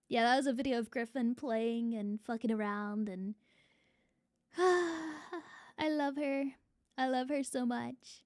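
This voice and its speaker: A woman's voice: sits high, a little mellow, no room sound, studio quality. A young adult woman streamer chatting casually to her viewers, swearing freely. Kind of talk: casual live-stream chat.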